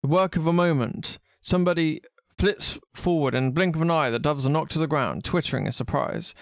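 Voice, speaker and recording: A man on a live stream reading a visual novel aloud in a playful way, tossing in quick asides between lines. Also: fairly high pitch, gravelly, no echo, studio quality.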